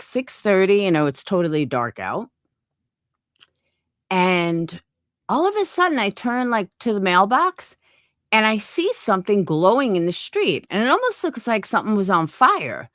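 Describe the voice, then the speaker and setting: A woman's voice: medium pitch, fairly bright tone, no echo, studio quality. A middle-aged woman hosting a livestream, telling a story in casual chat and swearing a lot. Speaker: livestream host.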